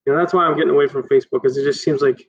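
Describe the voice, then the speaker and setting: A man's voice: on the high side, fairly even intonation, very fast, husky. A man in casual chat, rambling in a laid-back way and swearing casually. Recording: slightly dull sound with faint noise.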